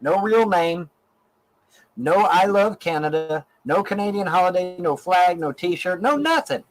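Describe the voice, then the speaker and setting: A man's voice: high voice, expressive, unhurried, faint music behind, poor audio. A middle-aged man from Ohio ranting angrily in a profane, repetitive stream monologue. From Ohio, USA. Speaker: online show host in archived clip.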